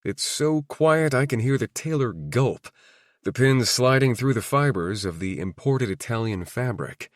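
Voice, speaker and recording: A man's voice: medium pitch, animated, a little slow, no room sound, studio quality. A man narrating a romance audiobook in the first person, wry and introspective.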